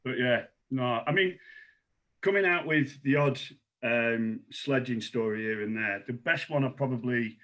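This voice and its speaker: A man guest on a podcast, telling cricket stories in a lively, salty, chuckling way. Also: medium pitch, unhurried, lo-fi sound. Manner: animated storyteller, salty language, chuckles. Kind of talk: casual anecdote telling.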